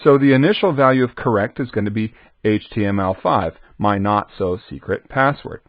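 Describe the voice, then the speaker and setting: A man's voice: on the low side, moderate pace, dry recording. Chatty male coding teacher, dull dry sound. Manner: chatty, self-answering asides to the viewer. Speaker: programming instructor. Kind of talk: screen-recorded coding lesson.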